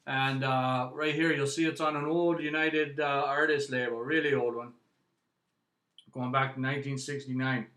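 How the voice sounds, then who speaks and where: Canadian male host, casual rambling delivery, bright tone, roomy echo. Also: medium pitch, little pitch movement, normal speed. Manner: chatty, rambling, frequent "eh" and "right". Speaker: music vlog host. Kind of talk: casual vinyl review.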